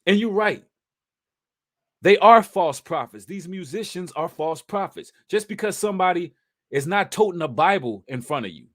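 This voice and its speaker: A man hosting a livestream, talking in an emphatic, preacherly way to his audience, mixing casual slang and the odd curse word. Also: fairly high pitch. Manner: emphatic, preacherly, addresses audience as brothers and sisters; casual slang with occasional cursing. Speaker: livestream host.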